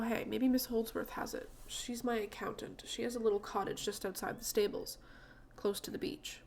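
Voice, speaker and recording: A woman's voice: mid-range voice, creaky, a little hiss or hum, close to an everyday voice. A woman reading out a widowed male stable owner in a game, in her own plain, earnest voice. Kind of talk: reading game dialogue aloud.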